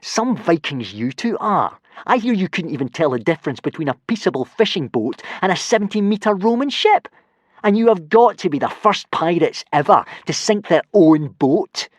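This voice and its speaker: A man's voice: sits high, very animated, normal speed, no room sound, voice pushed up. A man doing a sneering Viking bully boy. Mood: jeering. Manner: sneering, mocking.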